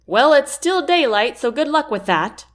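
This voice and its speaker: A woman's voice: sits high, animated, moderate pace, voice pushed up. A woman voicing a mischievous young woman friend who teases with a playful tone. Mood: teasing. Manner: teasing.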